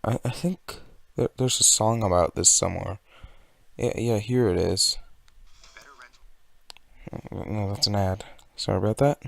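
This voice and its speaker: A man's voice: fairly low pitch, measured pace, gravelly, long pauses, dry recording. A young man from California giving a sarcastic, rambling commentary rant. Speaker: video commentator. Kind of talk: ranting commentary.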